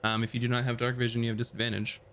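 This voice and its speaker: A man's voice: mid-range voice, very fast, slight background noise. Laid-back man narrating as game master. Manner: relaxed, rambling descriptions with many fillers.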